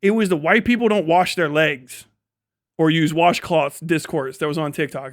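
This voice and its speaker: A middle-aged man hosting a livestream, talking in a casual, animated rant with frequent swearing and incredulous outbursts. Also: a little high, moderate pace. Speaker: livestream host.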